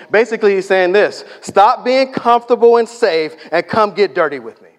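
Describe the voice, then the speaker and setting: Emphatic preacher in a reverberant hall. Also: male voice, high voice, a little fast, hardly any pauses. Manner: storytelling, emphatic, drops to near-whispers for effect. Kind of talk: sermon.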